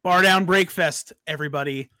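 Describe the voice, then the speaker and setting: Hyped-up guy hosting a podcast, bright forward voice, dry close mic, kinda high. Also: normal speed, no room sound. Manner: excited, hyped promo talk. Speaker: podcast host. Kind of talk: casual chat.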